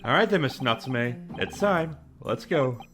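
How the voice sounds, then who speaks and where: Player doing earnest young lawyer guy, stammers a bit, lively ups and downs. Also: medium pitch, moderate pace, over music, lightly acted. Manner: hesitant, stammering. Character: earnest young male law student defense lawyer.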